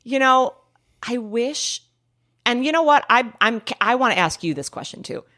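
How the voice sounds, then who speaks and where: A woman in her forties, a guest actor on a casual podcast, telling stories in an animated, laughing way and trailing off mid-thought. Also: on the high side, moderate pace. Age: 40s.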